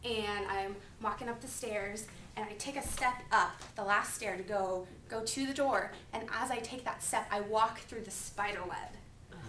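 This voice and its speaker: A woman in her twenties giving a topical sermon as a preaching student, telling personal stories in a chatty, animated way full of "like". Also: mid-range voice, moderate pace, a little hiss or hum. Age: 20s. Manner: chatty, animated, filler-heavy with lots of "like". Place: classroom. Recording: echoey classroom, mic far off.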